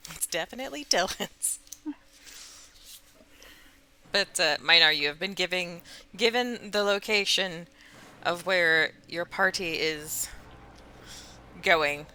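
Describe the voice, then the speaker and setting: Bright-voiced woman running a tabletop game. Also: on the low side, slow pace, pauses often. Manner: laughs often, easygoing and chatty. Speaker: game master. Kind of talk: narrating a tabletop game online.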